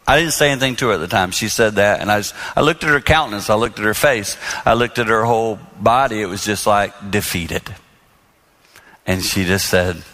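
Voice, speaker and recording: Middle aged guy preaching on marriage, bright voice, jokes on himself then gets earnest. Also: on the low side, in a large hall. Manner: humorous, self-deprecating storytelling that turns earnest. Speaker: marriage speaker and minister. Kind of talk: storytelling sermon.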